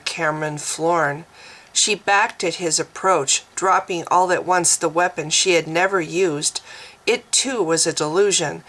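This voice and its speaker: A woman reading her own fantasy novel aloud as narrator, slowly and deliberately. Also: on the low side, a bit bright, poor audio.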